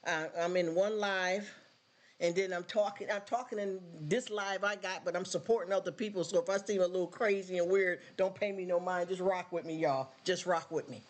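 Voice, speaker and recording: A woman's voice: lowish voice, fairly even intonation, moderate pace. A woman chatting casually to viewers on a livestream, rambling and earnest, often turning to ask if they follow her. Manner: emotional, near tears when thanking viewers.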